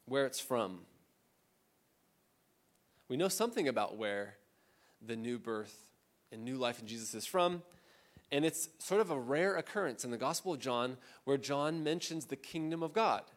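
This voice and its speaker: A man preaches a sermon in an easy, conversational way, slipping into the voices of the people he quotes. His delivery swings from bright and lively to soft and low. He sounds like a pastor talking to his own congregation. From Southern California. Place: church.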